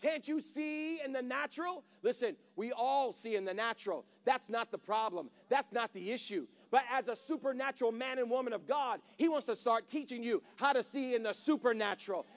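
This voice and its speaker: A man preaching a sermon, retelling a Bible story in casual words and rising to shouted calls to the congregation. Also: extremely high pitch.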